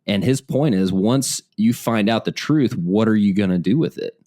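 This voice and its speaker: A man with a lowish voice talking in a relaxed, conversational way. He agrees readily and builds his points through homespun examples. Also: moderate pace. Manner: explains by analogy, agreeable, emphatic. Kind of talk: casual conversation.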